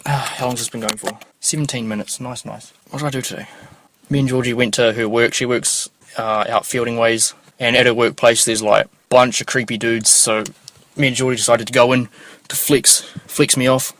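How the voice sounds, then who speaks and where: A man's voice: mid-range voice, level tone, fairly quick, a bit bright. A young man telling rambling, slangy stories as a podcast host, swearing often. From New Zealand. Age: young adult. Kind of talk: casual storytelling monologue.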